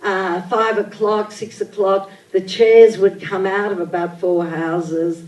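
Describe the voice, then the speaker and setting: An older woman, telling childhood stories in an animated, theatrical way at a live on-stage interview. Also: mid-range voice, takes it slowly. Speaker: interview guest. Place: event venue with audience. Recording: echoey hall, mic at a distance.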